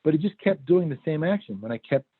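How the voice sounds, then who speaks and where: A man's voice: a little high, expressive, quick pace, husky. Man presenting over a tinny call line. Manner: conversational storytelling. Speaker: workshop presenter. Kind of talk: online workshop talk. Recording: phone-like video call audio.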